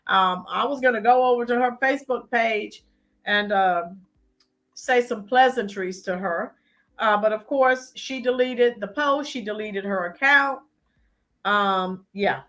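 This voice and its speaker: A woman's voice: mid-range voice, a little slow, fairly bright tone. A woman hosting a live-stream, giving emphatic political commentary and talking to chat viewers by name. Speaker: channel host.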